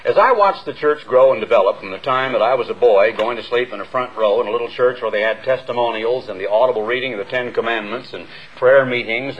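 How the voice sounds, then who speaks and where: An older American man, a minister, preaching an earnest, measured sermon to a congregation, with emphatic rises and long pauses. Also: mid-range voice. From United States. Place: church hall before a congregation. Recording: dull lo-fi radio broadcast.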